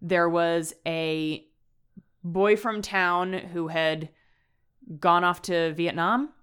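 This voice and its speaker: A woman's voice: fairly low pitch, steady tone, very slow, a bit bright, smooth. A woman co-hosting a podcast, chatting casually about a horror novel with dry asides and laughter. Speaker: podcast co-host. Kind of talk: casual book discussion.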